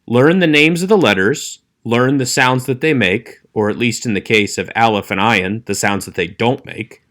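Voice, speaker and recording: Man, lecturer, recorded online class, clear and measured, slows to demonstrate sounds. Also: mid-range voice, a bit bright. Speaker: Hebrew instructor.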